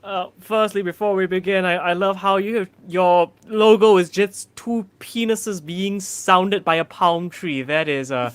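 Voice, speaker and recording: A man's voice: high-pitched, measured pace, hardly any pauses, clean tone, no room sound. A man from Singapore, a guest comic, ranting crudely and sarcastically on a comedy panel.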